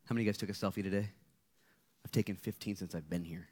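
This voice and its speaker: A man, a guest speaker, preaching a lively sermon to students at a live gathering, playful and energetic, jumping from loud bursts to hushed asides. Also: sits low, very fast, long pauses, slightly rough.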